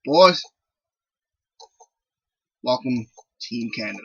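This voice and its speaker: A man's voice: mid-range voice, expressive, slow, bright, forceful tone, slightly rough, muffled recording, exaggerated voice. A man putting on a smug Southern wrestling manager. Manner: smug, needling.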